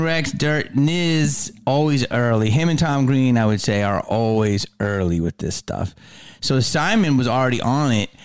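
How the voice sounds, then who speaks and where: A man hosting a podcast, chatting casually and telling stories with an excitable, joking manner. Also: medium pitch. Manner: excitable, joking, animated storytelling. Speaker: podcast host. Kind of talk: casual interview chat.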